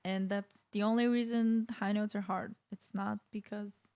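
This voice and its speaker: A woman's voice: medium pitch, little pitch movement, unhurried, darkish tone. Woman, vocal coach, mid-range voice, casual reaction commentary, chatty explanations. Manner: explanatory, loose and conversational with frequent restarts.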